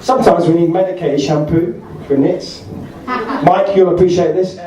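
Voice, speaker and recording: A man tells rambling, self-correcting stand-up stories to a party crowd. His voice sits a little high and comes from some way off the mic. A large hall rings with heavy echo, and a chattering audience is clearly heard behind him. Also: steady tone, measured pace, far from the mic. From Essex, England. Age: 40s. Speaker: stand-up comedian. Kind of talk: stand-up anecdotes at a birthday party.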